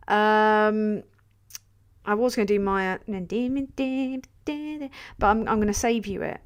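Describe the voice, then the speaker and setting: A woman hosting a casual livestream and answering viewer questions, excitable and sweary, laughing often. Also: medium pitch, slow pace. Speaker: livestream host.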